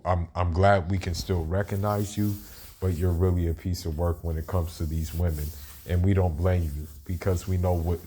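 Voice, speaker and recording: A man's voice: sits low, darkish tone. A man reacting to a played video in casual, rambling commentary, often restarting and asking "you know what I mean".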